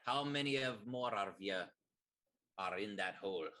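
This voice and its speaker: A man voicing a gruff, suspicious male guard who questions captives bluntly in a tabletop game. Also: lowish voice, unhurried, bright, forceful tone, a little hiss or hum. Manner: blunt, demanding.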